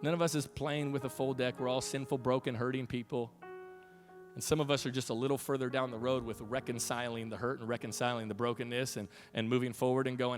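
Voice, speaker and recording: In a church sanctuary, a pastor in his thirties preaches a sermon, talking fast in a mid-range male voice over soft background music. His voice carries as he tells family stories with laughs and acts out quotes animatedly.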